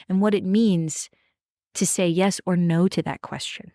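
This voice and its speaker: A woman's voice: lowish voice, steady tone, normal speed, darkish tone, dry recording. Earnest woman podcast host, dry close sound. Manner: earnest, emphatic, addresses listeners directly. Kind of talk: reflective podcast talk.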